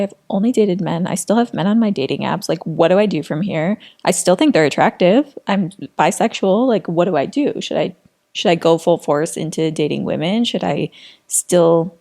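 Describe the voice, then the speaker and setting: A woman's voice: mid-range voice, a little mellow. Candid woman podcast co-host. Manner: candid, frequent "like" fillers, swears freely. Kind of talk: casual chat.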